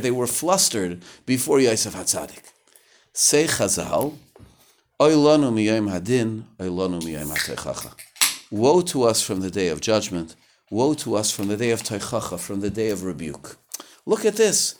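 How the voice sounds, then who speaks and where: A man giving a conversational Torah lecture, sometimes searching for words and rising sharply when he acts out quotes. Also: mid-range voice. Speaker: rabbi teaching Torah.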